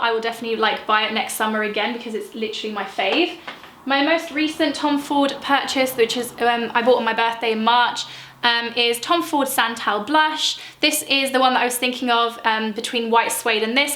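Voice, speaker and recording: A chatty young woman, rambling and gushing as she reviews her collection. Her voice is crisp and bright and sits a little high. The room around her is echoey. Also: slight background noise. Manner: gushing, rambling, lots of fillers. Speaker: beauty vlogger. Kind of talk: chatty product review vlog.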